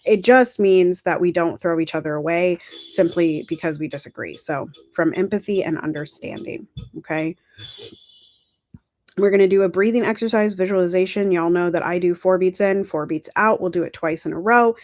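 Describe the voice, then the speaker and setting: A woman hosts a casual livestream in a lowish, chatty voice, encouraging and often correcting herself. Her throat sounds dry. The sound is close and dry, with no room around it. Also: normal speed, a little mellow, no echo. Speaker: livestream host.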